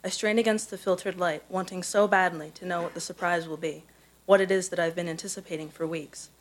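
A woman with a somewhat low voice reads her personal essay aloud at a live event. She tells it carefully and evenly, letting the prose carry it. She grew up in Missouri. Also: fairly even intonation, low-quality recording. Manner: measured, careful storytelling delivery. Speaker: contest winner reading her own prose.

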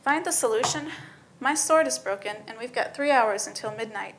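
A woman's voice: on the high side, quick pace, noisy background, close to an everyday voice. A woman voicing a frustrated male apprentice technician with a whiny, exasperated way of talking.

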